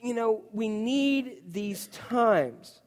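A male pastor delivers a conversational, animated sermon, full of asides and casual "you know"s. His voice sits somewhat high for a man, and it rings out with a long reverb through the church hall. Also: extremely slow.

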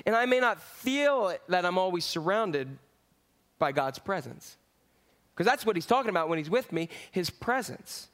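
A pastor preaching with a fairly high, animated voice. He calls out to the congregation, then drops to quiet, reflective moments as he talks through scripture. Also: normal speed. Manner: lively preaching with swings from loud to hushed. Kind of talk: sermon.

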